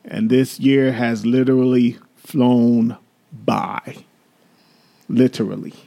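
A man's voice: mid-range voice, steady tone, takes it slowly, creaky, dark tone. A man co-hosting a casual podcast with his wife, playful and teasing, laughing often. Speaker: podcast co-host. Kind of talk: casual chat.

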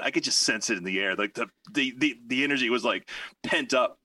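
A man rambles through a long anecdote during a casual podcast conversation, animated and full of fillers and restarts. His mid-range voice moves briskly, sounds slightly rough, and is picked up from a distance.

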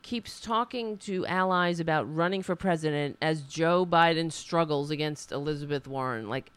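A woman's voice: low voice, moderate pace, hardly any pauses, a bit bright, clear, resonant tone, no echo. A woman hosting a casual political livestream, talking in a rambling, indignant way with frequent restarts. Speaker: livestream host.

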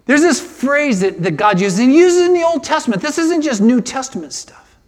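Older male pastor, high-pitched, passionate sermon delivery with restarts. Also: moderate pace. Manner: emotional, animated preaching with repetitions.

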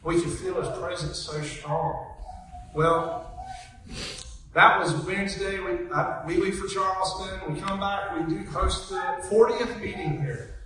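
Bright-voiced woman preaching in an echoing hall. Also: lowish voice, unhurried, slight background noise. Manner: chatty, animated storytelling with laughs. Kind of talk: storytelling sermon. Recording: echoey church hall, mic from a distance.

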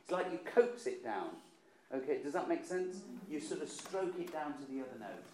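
A man's voice: a little high, big pitch swings, moderate pace, noisy background. A man coaching a choir, chatty and encouraging, often repeating words as he thinks. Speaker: choir director. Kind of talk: choir rehearsal instruction. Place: rehearsal hall. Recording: echoey room with choir around.

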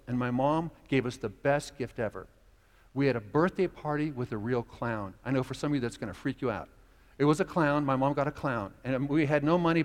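A man pastor preaching a sermon, telling stories and acting out the voices of the people in them. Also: on the high side. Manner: storytelling, animated, acts out quoted voices. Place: church sanctuary. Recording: long hall reverb.

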